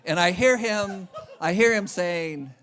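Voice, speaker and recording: A man's voice: sits high, takes it slowly, a bit bright, a little hiss or hum. A man giving a conference speech, telling a humorous self-deprecating travel story. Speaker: conference speaker. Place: conference venue.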